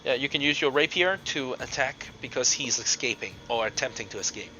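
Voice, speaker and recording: Bright-voiced man running a tabletop game. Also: mid-range voice, a little fast, a little hiss or hum, low-quality recording. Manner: descriptive, with frequent fillers and restarts. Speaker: game master. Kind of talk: narrating a tabletop game over voice chat. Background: game soundtrack music.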